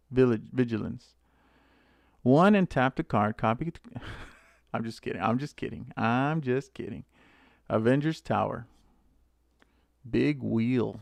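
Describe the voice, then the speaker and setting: A man hosting a casual live stream, chatting excitedly to viewers by name as he opens card packs. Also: medium pitch, no echo. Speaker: channel host opening card packs.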